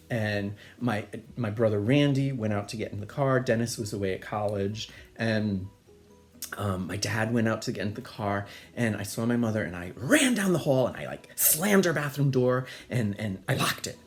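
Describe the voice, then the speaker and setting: A man's voice: lowish voice, normal speed. A man telling a personal childhood story in a casual, chatty, digressive way. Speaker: storyteller, host.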